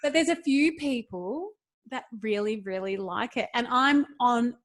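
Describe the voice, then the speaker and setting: A woman's voice: fairly high pitch, animated, measured pace. A young woman co-hosting a podcast, chatting casually, giggling and rambling, stumbling as she reads facts aloud. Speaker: podcast co-host. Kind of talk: casual chat.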